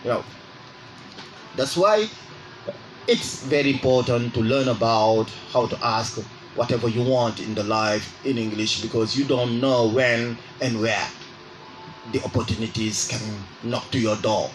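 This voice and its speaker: Guy teaching english on the radio, slow, repeats phrases w/ a rising lilt, faint background hum. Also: medium pitch, poor audio. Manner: slow and deliberate, repeats phrases to drill them; exaggerates rising intonation on example phrases. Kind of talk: radio language lesson. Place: radio studio.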